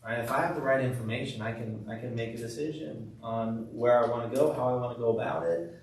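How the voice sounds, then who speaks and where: A man leading a sales training session, acting out calm, empathetic lines he uses with patients. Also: medium pitch, quick pace, a little hiss or hum. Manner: demonstrates scripted patient talk, soft empathetic tone. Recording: echoey room from far off.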